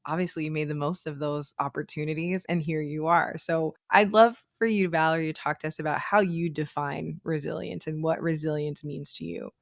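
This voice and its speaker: A woman's voice: low-pitched, steady tone, a little fast, gravelly, few pauses, no echo, studio quality. A woman co-hosting a podcast speaks enthusiastically and admiringly to her guest before asking her a question. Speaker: podcast co-host. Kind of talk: podcast interview.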